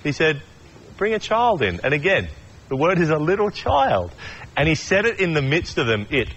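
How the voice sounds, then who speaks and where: A man's voice: a little high, very animated, moderate pace, a bit bright, slightly rough, highs cut off. A man giving a casual sermon, chatty and joking, acting out quotes and often restarting his sentences. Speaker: preacher.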